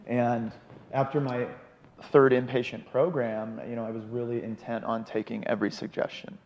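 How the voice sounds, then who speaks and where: A man's voice: medium pitch, moderate pace, big-room sound, muffled recording, a little hiss or hum. A man telling his recovery story in a casual chat, acting out the people he quotes. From Arizona. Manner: animated, quotes people in voices. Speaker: podcast guest in recovery.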